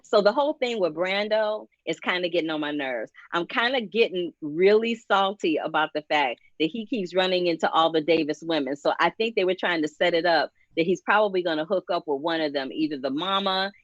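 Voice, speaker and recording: A woman with a lowish voice talks bluntly and sassily, recapping soap storylines with slangy asides. Her voice is dry and close, with a dull, lo-fi sound. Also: brisk, hardly any pauses, no echo. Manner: sassy, blunt slangy talk. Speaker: soap opera recap panelist. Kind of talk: casual chat.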